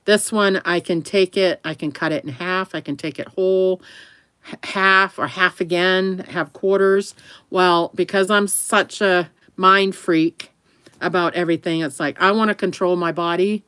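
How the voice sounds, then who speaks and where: A woman's voice: lowish voice, steady tone, unhurried, a bit bright, clear, resonant tone, no echo. A woman talking to camera in a rambling, chatty way, often laughing. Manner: talks affectionately to her dog between remarks. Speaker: vlogger. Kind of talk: casual chat to camera.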